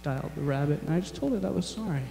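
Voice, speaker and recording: A young man performing a rambling, self-deprecating stand-up set, halting often with fillers. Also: fairly high pitch, animated, gravelly, mellow, echoey room, in a large hall, a little hiss or hum. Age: young adult. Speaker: stand-up comedian. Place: large chapel hall on stage.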